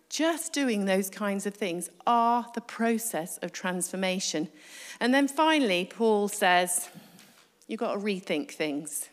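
A woman's voice: medium pitch, lively intonation, measured pace. Woman preaching in a reverberant hall. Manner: conversational, asks the congregation rhetorical questions. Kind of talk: sermon.

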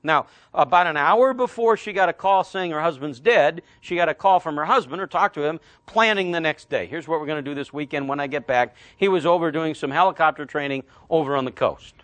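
A middle-aged man preaching a sermon as pastor, telling a story and slowing right down to stress key phrases. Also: fairly high pitch, fairly bright tone, no room sound.

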